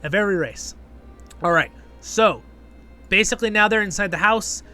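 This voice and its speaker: A man's voice: sits high, moderate pace, bright, forceful tone, faint music behind. A man hosting a casual spoken review, chatty and rambling, full of fillers and frequent "right?" checks. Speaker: host and show reviewer.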